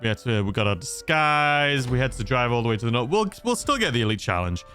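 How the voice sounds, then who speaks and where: A man's voice: medium pitch, big pitch swings, fast, bright, forceful tone, faint music behind. A man giving rambling, self-mocking gameplay commentary that tips into frustration. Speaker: gaming YouTuber.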